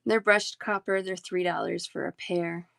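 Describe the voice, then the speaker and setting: Hosting a live-stream bead sale, a woman speaks in a lowish, creaky voice with a fairly bright tone, keeping a steady tone at a moderate pace. She's chatty, reading the chat out loud, answering viewers, and listing prices and sizes in a relaxed way.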